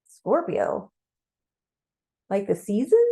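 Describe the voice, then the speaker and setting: A woman's voice: medium pitch, wildly swooping pitch, takes it slowly, vocal fry, dark tone, full character voice. A woman voicing a confused, overwhelmed young woman in a guided meditation, hesitant and stammering. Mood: curious. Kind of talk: guided meditation role-play.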